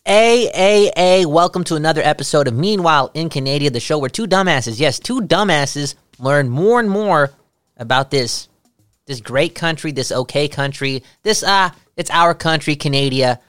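A man's voice: on the high side, animated, moderate pace, a bit bright, smooth, no echo. A man co-hosting a casual podcast, loose and jokey, who keeps repeating a catchphrase. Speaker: podcast co-host. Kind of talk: casual chat.

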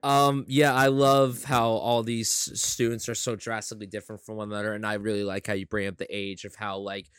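A man's voice: fairly low pitch, level tone, a little fast, few pauses, fairly bright tone, clear, resonant tone, no echo, clean studio sound. A man appearing as a podcast guest, talking enthusiastically and animatedly about scenes he loved. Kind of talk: casual chat.

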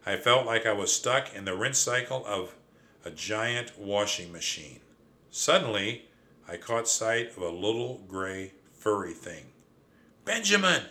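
Bright-voiced man narrating a children's story. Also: fairly low pitch. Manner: lively, dramatic first-person telling. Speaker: audiobook narrator.

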